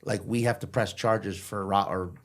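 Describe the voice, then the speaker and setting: A man's voice: fairly low pitch, moderate pace. A man who is a comedian, a guest on a podcast, telling a story casually and animatedly, with loose, profane delivery. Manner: animated, acts out the people in his stories.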